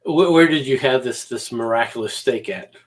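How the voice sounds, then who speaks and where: Man, podcast banter, skeptical, teasing, mid pitch. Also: moderate pace. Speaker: podcast co-host, military veteran. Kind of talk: casual chat.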